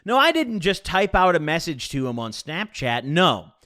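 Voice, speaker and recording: Man, casual storytime, swearing a lot, slangy, lively swooping delivery, bright tone. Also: on the high side, normal speed. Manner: profane, animated, slangy storytelling. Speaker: streamer telling a personal story.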